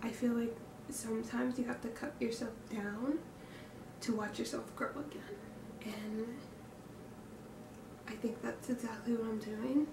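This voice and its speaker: A young woman talks to camera in a personal vlog, her candid reflection broken by hesitant fillers, sighs and nervous heavy breathing. Her fairly high voice is gravelly and steady, a little slow. The sound comes from a distant mic in an echoey room with background noise.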